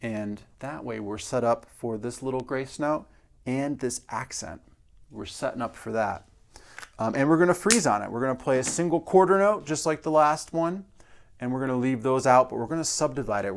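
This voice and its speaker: A man's voice: mid-range voice, normal speed, vocal fry. Man teaching snare drum technique. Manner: explains step by step, counts beats aloud. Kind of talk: instructional demonstration.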